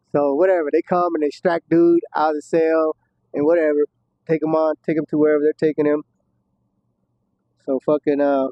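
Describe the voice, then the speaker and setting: A man with a higher-pitched voice tells a casual story from prison, swearing heavily, laughing now and then, and acting out what other people said. The audio is dull, muffled and dry.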